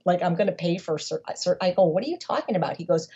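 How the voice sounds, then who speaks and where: A woman talks as a guest on an interview podcast, her voice deeply husky and breathy with a mellow, dark warmth. She speaks emphatically and circles back on words as she drives a point home. The audio is dull and lo-fi. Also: expressive, quick pace, few pauses. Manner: emphatic, repeats words when building a point. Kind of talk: conversational interview storytelling.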